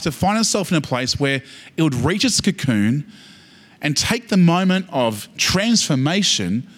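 An Australian man preaches in a fairly high voice, lively and full of humor. He climbs to emphatic peaks, then drops back into relaxed asides. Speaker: pastor. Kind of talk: sermon. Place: church service.

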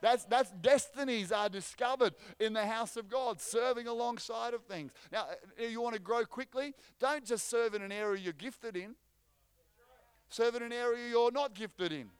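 A man preaching a sermon as pastor, energetic and joking, often restarting his phrases. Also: very high-pitched, moderate pace, clear, resonant tone, dry recording. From Australia.

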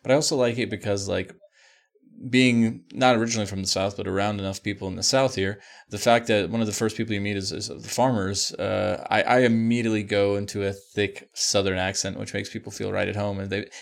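A man hosting a casual podcast interview, halting and repeating words as he starts his sentences. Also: fairly low pitch, little pitch movement, creaky. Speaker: podcast host.

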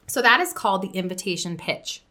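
A woman podcast coach teaching in an upbeat, chatty way and shifting her tone to demonstrate pitches. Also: big pitch swings, fairly quick, bright, forceful tone. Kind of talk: teaching video with example pitches.

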